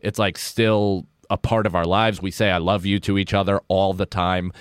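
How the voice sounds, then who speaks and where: American man, comedian guest, lowish voice, dry close mic, earnest and reflective. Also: level tone, moderate pace, smooth, no room sound. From United States. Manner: reflective, earnest, casual swearing. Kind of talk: candid podcast interview.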